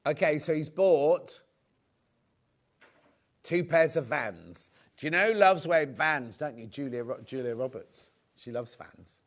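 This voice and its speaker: A man's voice: on the high side, unhurried. A man presenting fabrics on a live TV shopping show, chatty and rambling, full of anecdotes.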